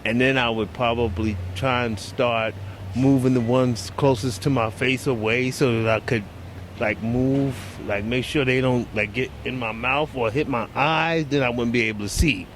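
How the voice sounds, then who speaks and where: A man's voice: mid-range voice, steady tone, normal speed, slight background noise. A man answering a question casually and hesitantly, rambling with many fillers, recorded outdoors in a city.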